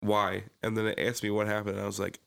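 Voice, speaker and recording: Young philly-area dude, kinda low voice, ranting and cussing on a podcast, loud when he quotes people. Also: quick pace, vocal fry. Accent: Philadelphia-area American. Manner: animated storytelling, swears a lot, acts out quotes loudly. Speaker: podcast co-host. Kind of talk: casual chat.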